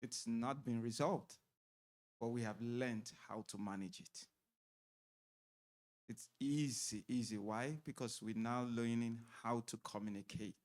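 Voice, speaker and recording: A man's voice: mid-range voice, steady tone, measured pace, darkish tone. A man gives a church marriage seminar talk in an ordinary mid-range voice. He is conversational and easygoing. He explains each point with everyday examples.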